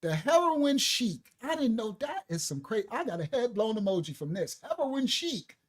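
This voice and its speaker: Man, ministry host, casual animated commentary, laughs a lot. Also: high-pitched, normal speed. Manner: animated, laughs often, jokey storytelling. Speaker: ministry host reacting to a video.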